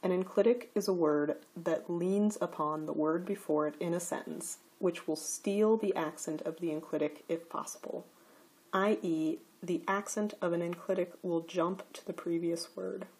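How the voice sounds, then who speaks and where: A woman teaching a recorded slide lecture, explaining grammar rules slowly and carefully. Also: lowish voice, steady tone, darkish tone, slightly rough.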